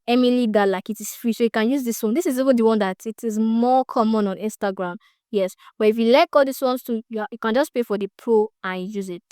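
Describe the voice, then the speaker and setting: A woman gives a chatty, excitable step-by-step tutorial, repeating phrases as she goes, recorded on a phone on a tripod. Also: fairly high pitch, clean tone, no room sound, studio quality. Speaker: social media tutor.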